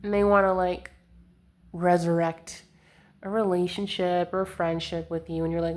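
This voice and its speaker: A woman's voice: on the low side, level tone, normal speed. Giggly young woman reading tarot. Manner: chatty and giggly, full of "like" fillers. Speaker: tarot reader. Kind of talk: casual tarot reading to camera. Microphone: handheld camera mic.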